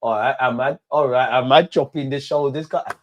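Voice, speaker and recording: A young man doing a live football watch-along, shouting at players and the referee in slangy banter. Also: mid-range voice, moderate pace.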